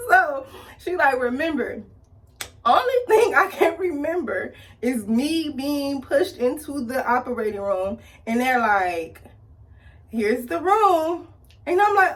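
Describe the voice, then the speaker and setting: Chatty woman vlogger telling a story over her makeup, animated, acting out every voice in it, higher-pitched and a little off-mic. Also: takes it slowly, distant mic. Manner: animated, acts out quoted people with big pitch jumps. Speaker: beauty vlogger. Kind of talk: casual storytelling while doing makeup.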